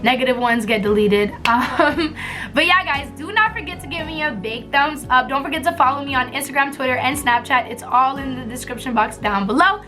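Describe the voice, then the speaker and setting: A young woman telling a story as a vlogger in a casual, animated, blunt way, laughing often and using slang. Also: high voice, brisk, over music.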